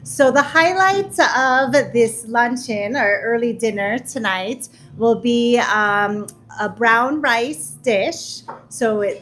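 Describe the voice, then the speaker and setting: A woman's voice: on the high side, fairly bright tone. A woman, a restaurant owner and chef, explaining a menu to guests in a friendly way, with many hesitations.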